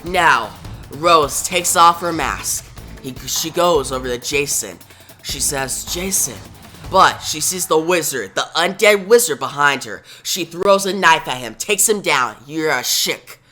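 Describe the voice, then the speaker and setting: A woman's voice: low voice, animated, measured pace, bright, forceful tone, faint music behind. A woman casually recapping a comic book issue, reading out the characters' lines and sound effects as she goes. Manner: retells panels with quotes and sound effects.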